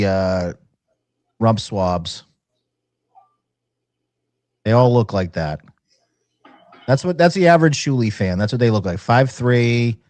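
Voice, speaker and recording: A man's voice: on the low side, a little mellow, no echo. A man co-hosting a live stream, trading mocking, profane banter. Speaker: stream co-host. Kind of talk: casual crude banter.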